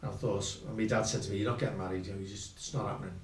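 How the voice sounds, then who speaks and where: An older man with a lowish, fairly even voice races through rambling, self-mocking tales from his youth as a guest musician, peppered with colloquial slang. The recording sounds roomy, with the mic set at a distance.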